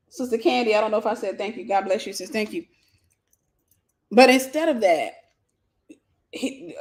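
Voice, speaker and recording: A middle-aged woman, preaching a livestreamed sermon with lively quoted voices and repetition. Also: mid-range voice. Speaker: pastor and teacher.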